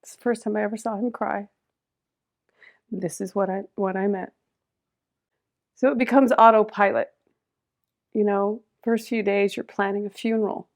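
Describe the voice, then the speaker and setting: A middle-aged woman with a gravelly, fry-tinged voice recounts a personal story as a podcast guest. Her delivery swings between raised, urgent stretches and hushed, quiet ones, and her pitch stays at an ordinary middle level. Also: fairly even intonation, moderate pace, pauses often.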